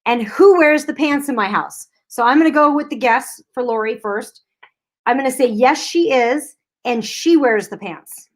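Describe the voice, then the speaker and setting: A woman's voice: high-pitched, normal speed. A woman co-hosting a giveaway livestream, chatting casually and laughing often. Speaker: co-host.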